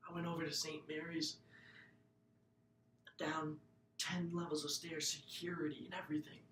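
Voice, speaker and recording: A man's voice: little pitch movement, moderate pace. Earnest young man in an echoey room. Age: young adult. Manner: earnest and emotional, often sinking to a hushed, breathy voice. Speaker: student speaker telling his own story. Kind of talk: personal testimony speech. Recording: echoey room, mic far off, faint rumble.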